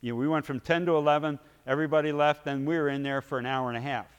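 In a big hall where a long echo trails his words, a fairly high-voiced man tells a sermon story with energy, acting out scenes. He swings between hushed asides and booming peaks, talking fast with a smooth, steady tone.

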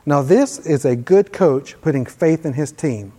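A man's voice: a little high, lively intonation, unhurried, mellow. A man preaching a sermon in a conversational way, reading scripture aloud with emphasis in a church hall. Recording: long hall reverb.

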